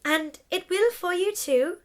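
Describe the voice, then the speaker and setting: A woman's voice: very high voice, a little slow, voice pushed up. A woman voicing a friendly, bubbly young witch who laughs and encourages, in a play reading. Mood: cheerful.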